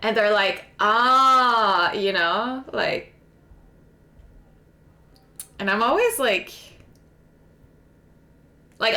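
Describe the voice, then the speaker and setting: Bright-voiced Québécoise streamer chatting slowly. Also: female voice, a little high. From Quebec, Canada. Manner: chatty, animated, many fillers. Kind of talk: casual chat while gaming.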